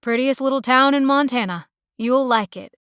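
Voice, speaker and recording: A woman's voice: high-pitched, moderate pace, a bit bright, smooth, dry recording, clean studio sound. Woman voicing easygoing young country mechanic. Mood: friendly. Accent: slight small-town country drawl. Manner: easygoing, folksy, confident. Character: friendly young small-town male mechanic.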